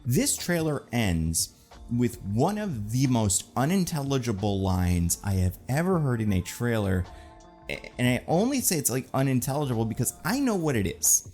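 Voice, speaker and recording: A man's voice: medium pitch, very animated, moderate pace, a little mellow, soft background music. A man hosting casual, rambling movie commentary in a sarcastic, joking tone with lots of fillers. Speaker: film commentary host.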